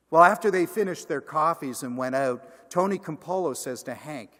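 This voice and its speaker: Pastor man telling a story in a sermon, slightly high voice, long church echo. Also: normal speed, few pauses. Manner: animated, acts out every character. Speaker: senior pastor. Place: large church sanctuary.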